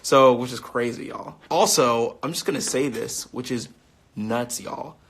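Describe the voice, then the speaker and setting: A young man in his late twenties talks casually into his phone on a live stream, reading out fan questions. He is upbeat and chatty, laughs easily and fills pauses with ums, at a mid pitch. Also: fairly bright tone, husky. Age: 20s.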